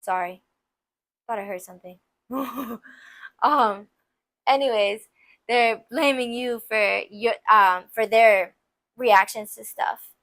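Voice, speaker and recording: A young woman talks straight to her listeners on a casual advice podcast, with a voice pitched slightly high. She's candid and emphatic and scatters "like" through her sentences. Playful asides keep it loose and personal. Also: slow pace, pauses often, fairly bright tone, no room sound. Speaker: podcast host.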